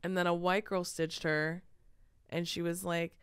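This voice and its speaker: A woman's voice: fairly low pitch, level tone, a little slow, a bit bright, smooth, no echo, studio quality. A young woman co-hosting a casual podcast chat, laughing often and swearing freely. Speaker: podcast co-host.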